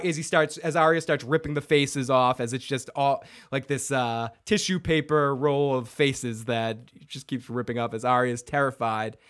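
A man's voice: medium pitch, fairly bright tone. A man hosting a live recap show, reading out chat comments and retelling scenes in a loose, rambling way with fillers. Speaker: podcast host.

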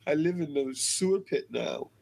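A man voicing a whiny, complaining middle-aged lord in a high pleading voice during casual talk. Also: racing, creaky, warm tone. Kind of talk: mock reenactment in casual talk.

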